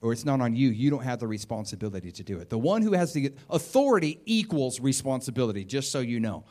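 A man preaching a sermon in an animated, conversational way, often acting out what people say. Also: medium pitch, fast talker. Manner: animated and conversational, acts out quotes.

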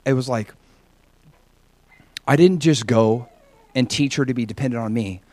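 A man's voice: medium pitch, moderate pace, darkish tone, dry recording. A middle-aged man preaching and telling personal stories, often acting out the people he quotes. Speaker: pastor.

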